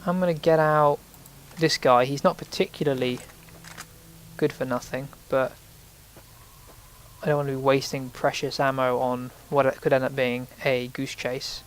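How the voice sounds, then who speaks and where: A man's voice: mid-range voice, fairly even intonation, moderate pace, slight background noise. A man giving rambling, casual commentary while playing a video game, sometimes swearing when startled. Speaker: let's play host.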